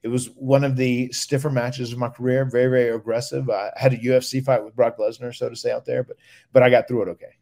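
A man, casually telling stories on his podcast and getting loud when he acts out other people. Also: mid-range voice, quick pace, creaky. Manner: animated storyteller, loud when acting out others. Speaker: podcast host, retired wrestler. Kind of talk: casual storytelling.

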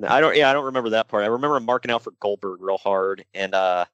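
A man co-hosting a casual podcast chat, animated and jokey, slipping into mock voices. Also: lowish voice, fast, smooth, dry recording, highs cut off. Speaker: podcast co-host.

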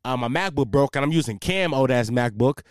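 A man's voice: medium pitch, fairly quick, dry recording, clean studio sound. A young man hosting a casual solo podcast, talking in a profane, rambling way and losing his train of thought. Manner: profane, rambling, loses track, animated storyteller. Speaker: podcast host.

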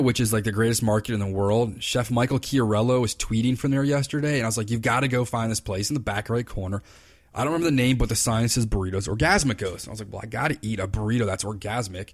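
A man hosting his own podcast, telling rambling, enthusiastic stories in casual chat. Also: fairly low pitch. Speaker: podcast host, fly fishing consultant. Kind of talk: casual solo podcast talk. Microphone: computer recording.

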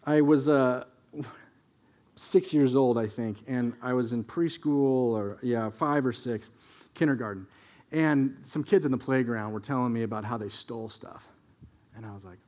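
A man with a fairly high voice delivers a sermon in a storytelling way. He drops to hushed asides, then pushes up to emphatic, louder points. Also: a little slow. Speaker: pastor.

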